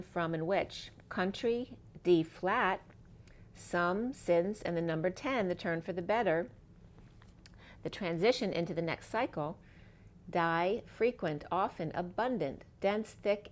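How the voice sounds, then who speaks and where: Slowly and deliberately, a middle-aged tarot reader with a somewhat low voice works through a spiritual reading. Her attention drifts between the cards as she plays with words, breaking them down by free association.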